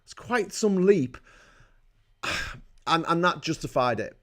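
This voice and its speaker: A man's voice: fairly high pitch, expressive, slow, a bit bright. A man hosting a livestream, giving profane, heated and indignant political commentary into a desk mic. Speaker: livestream host.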